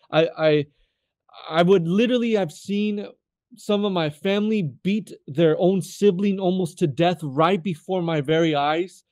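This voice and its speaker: A man in his thirties from California, telling his life testimony as a guest in an earnest, halting way, often repeating words as he restarts. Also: sits high, a little mellow, no echo, clean studio sound. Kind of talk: personal testimony storytelling.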